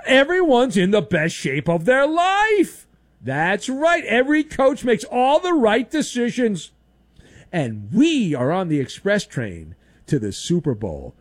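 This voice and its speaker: Sarcastic high-voiced sports radio host. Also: male voice, very animated, normal speed, dry recording. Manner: sarcastic, mocking with exaggerated put-on voices. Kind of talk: opinionated sports talk monologue.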